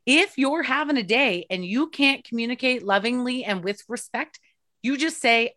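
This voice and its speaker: Woman, forties, frank and animated podcast talker, dead-dry close mic. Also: moderate pace, no room sound. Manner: expressive, swears freely, mimics herself with big pitch jumps. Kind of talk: candid casual chat.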